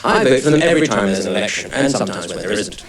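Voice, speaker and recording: A man's voice: fairly low pitch, expressive, racing, a crowd in the background, pitched below the performer's own voice. A man putting on a plummy pompous old Tory. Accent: posh Home Counties English. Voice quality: plummy, drops his R's. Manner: self-important, blustering. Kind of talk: stand-up character bit. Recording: roomy TV studio stage, distant mic. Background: studio audience laughing.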